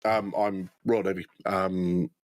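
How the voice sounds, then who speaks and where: A man's voice: low voice, level tone, takes it slowly, no room sound. Man, english accent, co-host, casual stream q&a, lots of ums, swears, dry close sound. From United Kingdom. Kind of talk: casual livestream Q&A chat.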